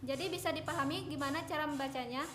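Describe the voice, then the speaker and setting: A woman's voice: sits high, very fast, fairly bright tone, faint music behind. A young Indonesian woman teaching English pronunciation in a video lesson, with an Indonesian accent, switching between Indonesian and English and repeating each word for students to echo.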